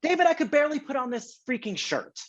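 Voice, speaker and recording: An excitable, playful man interviews actors, teasing them with jokes. His pitch swings widely as he talks. The recording is somewhat dull and lo-fi. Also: fast talker. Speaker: entertainment interviewer. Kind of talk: casual interview chat. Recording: muffled lo-fi sound.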